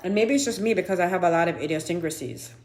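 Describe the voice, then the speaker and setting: A woman's voice: fairly low pitch, quick pace, a little mellow. A woman in her fifties giving a frank, profane confessional vlog. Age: 50s. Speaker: vlogger.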